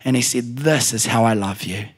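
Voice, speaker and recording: A man with a New Zealand accent delivers a sermon full of personal stories. His voice sits at an ordinary middle pitch, and he jumps up high and loud when he acts out the people he quotes. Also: normal speed, breathy edge. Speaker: pastor.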